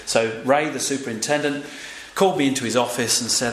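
Older man, preacher, chatty sermon, medium-pitched voice, echoey room, faint background hum. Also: brisk. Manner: conversational, with fillers and audience prompts.

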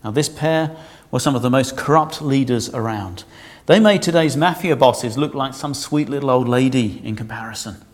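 A man's voice: medium pitch, moderate pace. A man preaching a sermon in a conversational, humorous way, asking his congregation questions.

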